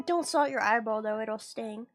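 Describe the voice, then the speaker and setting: A woman's voice: a little high, moderate pace, faint music behind. A woman streamer chatting casually with her viewers, rambling and giggly. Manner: rambling, giggly, talks to chat. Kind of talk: casual livestream chat.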